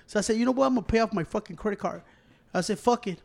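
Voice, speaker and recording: A man with a high voice tells a story in loose, profane casual chat. He acts out his own quotes and what others said as he goes. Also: very fast, vocal fry.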